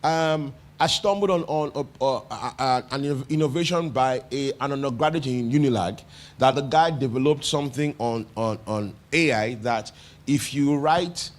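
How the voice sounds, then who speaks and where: A man's voice: medium pitch, normal speed. A man with a Nigerian English accent preaching a sermon as pastor, talking conversationally, asking the congregation questions and repeating phrases for emphasis.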